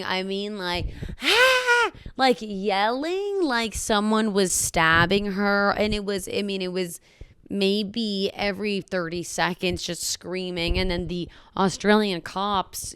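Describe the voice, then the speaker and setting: A young woman comedian spins brash, profane stories in a casual podcast chat, tossing in quick mock voices. Her voice sits a little low and is strikingly smooth and clean. The sound is dry and close. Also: no echo.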